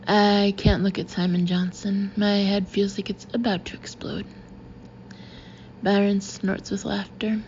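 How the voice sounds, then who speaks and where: A woman narrating a novel in the first person, with an even, confiding storytelling manner. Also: medium pitch, takes it slowly, muffled recording, a little hiss or hum. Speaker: audiobook narrator.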